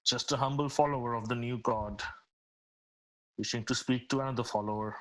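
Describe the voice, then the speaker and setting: A man's voice: mid-range voice, steady tone, a little fast, fairly bright tone, close to an everyday voice, rough recording. A man voicing a humble, courteous wandering priest who speaks in formal, gracious phrases.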